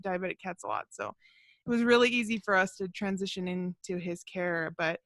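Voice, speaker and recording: A woman's voice: lowish voice, fairly even intonation, fairly quick, a bit bright, no echo. A young woman co-hosting a podcast, chatting casually over a video call, with many fillers and frequent laughs. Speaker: podcast co-host. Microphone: video call mic.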